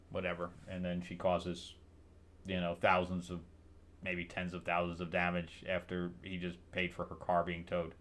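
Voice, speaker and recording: A man's voice: sits low, normal speed, fairly bright tone. A man hosting a casual comic book recap, sarcastic and rambling, with many restarts.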